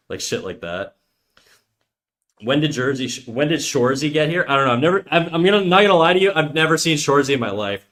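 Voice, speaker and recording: A man from Canada chatting casually on a live stream, laid-back and swearing freely while thinking out loud. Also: a little high, expressive, quick pace.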